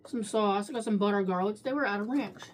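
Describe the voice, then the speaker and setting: A woman's voice: medium pitch, fast, a little hiss or hum. A woman reviewing takeout food on camera in a casual, profane way, talking while she eats and ranting freely. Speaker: food vlogger.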